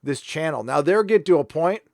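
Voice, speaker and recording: Casting note: a fairly high-voiced man as a sarcastic livestream host, close dry mic, mock-earnest delivery. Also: lively intonation, moderate pace, vocal fry, a little mellow, dry recording. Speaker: host reading viewer donations. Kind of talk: casual livestream chat.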